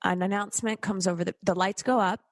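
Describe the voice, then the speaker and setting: Animated, swearing woman telling a story. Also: mid-range voice, quick pace, no room sound. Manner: animated storyteller, swears casually, acts out quotes. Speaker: podcast co-host. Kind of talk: casual chat, storytelling.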